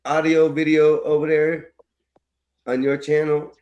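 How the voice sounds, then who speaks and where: A man's voice: a little high, completely flat delivery, measured pace, darkish tone, muffled recording. A man hosting a live stream, talking in loose slang and teasing his guests playfully. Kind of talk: casual stream chat.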